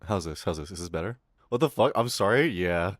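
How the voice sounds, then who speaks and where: A young man on a stream tells a rambling, profanity-laced story from his school days, imitating the people he quotes. His low voice is expressive and a little quick, recorded dry with studio quality.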